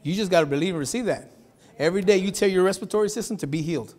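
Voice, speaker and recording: A man pastor preaching a Sunday sermon in a church, talking in a loose, slangy way, sometimes shouting and sometimes dropping to a hush. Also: sits high, rapid-fire. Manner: conversational preaching with slangy asides and laughs; swings from shouting to hushed.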